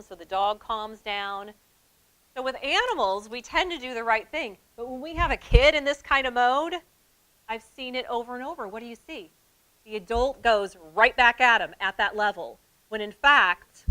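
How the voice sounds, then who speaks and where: A woman presenting a training session on childhood trauma to school staff, talking in a lively way that drops to soft, calm tones. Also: fairly high pitch, normal speed, rough recording. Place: event hall with an audience.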